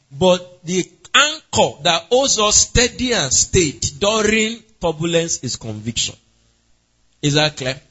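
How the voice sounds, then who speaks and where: Male pastor, husky, interactive sermon, lo-fi stream sound. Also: a little high, bright, forceful tone. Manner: asks the congregation questions and calls on members by name.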